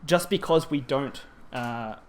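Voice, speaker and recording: A man's voice: medium pitch, slow pace. A man presenting at a language teaching symposium, explaining grammar in a conference talk with frequent ums and self-corrections.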